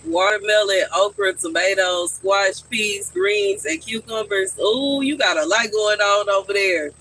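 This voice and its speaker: Guy streaming live from his garden, high voice, chatty, talks back to chat. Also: measured pace, pushed and bright, slight background noise, low-quality recording. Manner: chatty, answers viewers' questions. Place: outdoors in a backyard garden.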